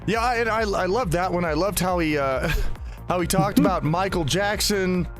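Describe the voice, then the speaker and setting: Male podcast host, high voice, loose rambling chat, quick to laugh. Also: faint music behind. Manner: chatty, laughs often, rambling restarts.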